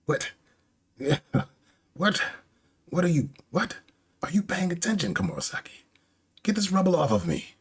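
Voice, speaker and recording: A man's voice: deep voice, big pitch swings, slow, pauses often, slightly rough, full character voice. A man voicing a panicky, insulting villainous male shogun who shrieks and sputters in frantic outbursts. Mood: panicked.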